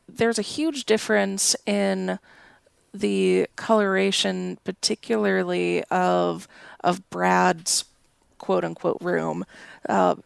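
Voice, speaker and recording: A woman co-hosting a podcast, giving slow, thoughtful commentary in casual chat. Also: fairly low pitch, vocal fry, smooth, dry recording. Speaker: podcast co-host.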